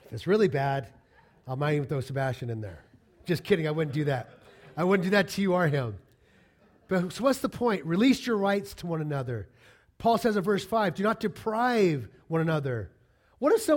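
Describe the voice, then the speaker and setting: A man's voice: on the high side, lively intonation, normal speed. A man preaching a conversational sermon to his congregation, acting out little quoted exchanges as he goes. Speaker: pastor.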